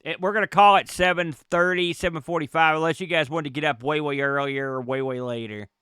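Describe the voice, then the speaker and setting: A man's voice: a little high, fairly even intonation, fairly quick, bright, forceful tone, smooth, dry recording, studio quality. A man running a tabletop game as game master, narrating and joking with players. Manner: joking, conversational.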